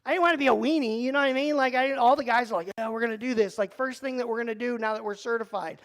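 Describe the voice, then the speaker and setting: A youth pastor man with a high-pitched voice, speaking to a youth group. He tells his story in an animated, joking way, with plenty of "like" and "um" fillers. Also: fast talker.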